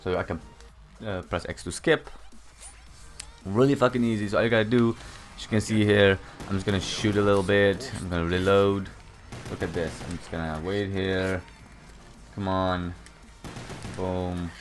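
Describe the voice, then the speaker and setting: Young dude w/ lowish voice, laid-back gaming tutorial, swears a lot. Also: male voice, fairly even intonation, moderate pace, long pauses, faint music behind. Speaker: gaming channel host. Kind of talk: casual game tutorial commentary. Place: home room.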